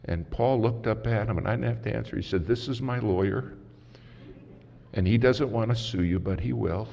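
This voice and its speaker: A man preaching a sermon as a story, dramatic and swinging from loud to hushed, recorded in a large conference hall. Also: fairly low pitch, normal speed, creaky. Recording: muffled hall recording with faint hiss.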